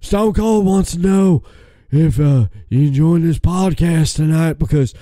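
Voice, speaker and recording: A man putting on an impression of a gruff wrestling star, taunting his guest in a brash, tough-guy way. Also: on the high side, unhurried, mellow, dry recording, clean studio sound, close to an everyday voice.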